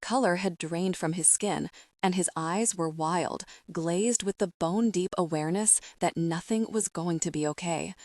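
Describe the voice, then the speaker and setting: A woman's voice: on the low side, normal speed, a little mellow, dry recording. A woman narrating a first-person romance audiobook in an emotional, dramatic reading.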